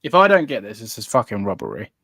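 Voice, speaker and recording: A man's voice: lowish voice, wildly swooping pitch, fast talker, vocal fry, a bit bright, no room sound, clean studio sound. A man co-hosting a casual podcast chat, boastful and playfully indignant, swearing a lot. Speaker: podcast co-host.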